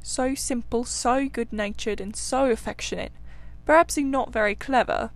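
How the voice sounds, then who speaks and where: A woman's voice: a little high, close to an everyday voice. A woman reading as a cheerful riverbank rat. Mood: fond. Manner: cheerful, brisk, enthusiastic. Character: good-natured cheerful male water rat.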